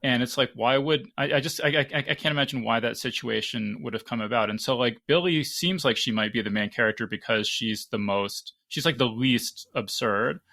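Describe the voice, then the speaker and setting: Male host, gravelly and forceful, musing and restarting mid-thought in a casual panel. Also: mid-range voice, brisk, few pauses. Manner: thinking aloud with frequent restarts.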